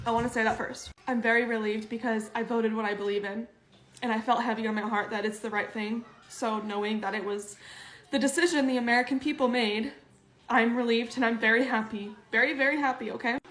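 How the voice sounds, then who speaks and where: Emotional woman on the verge of tears, higher voice, roomy echo. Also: a bit bright. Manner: emotional, fighting back tears. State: near tears. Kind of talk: tearful video post.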